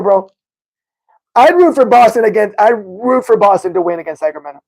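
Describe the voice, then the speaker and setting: A man hosting a casual live-stream sports podcast, talking excitedly and greeting viewers in the chat by name. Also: sits high, normal speed, pauses often. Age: adult with a son. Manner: excitable, talks to chat viewers by name, says bro a lot. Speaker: podcast host.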